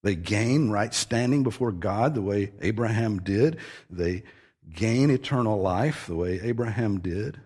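Husky-voiced man preaching emphatically. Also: on the low side, measured pace, darkish tone. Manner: emphatic, earnest teaching with repeated stressed phrases. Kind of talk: expository sermon.

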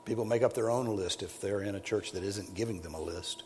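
A male preacher giving a sermon, emphatic, rising to loud peaks and then dropping low. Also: fairly quick, hardly any pauses, a little hiss or hum. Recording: long hall reverb, faint ambience.

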